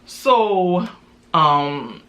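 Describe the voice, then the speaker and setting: A woman's voice: on the low side, very animated, very slow, pushed and bright. A woman telling a story in a chatty, casual way, full of "you know" and "right?".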